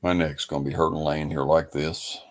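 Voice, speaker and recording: A man's voice: a bass voice, flat delivery, normal speed. A man hosting a livestream, talking in a rambling, folksy, laid-back way. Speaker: livestream host. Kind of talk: casual livestream chat.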